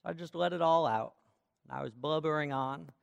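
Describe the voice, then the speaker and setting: A man's voice: on the high side, normal speed, vocal fry, smooth, lo-fi sound. A middle-aged man preaching a sermon as pastor, reading scripture and telling stories with rhythm. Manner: storytelling, reads aloud with rhythm. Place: church. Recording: long reverb of a large hall.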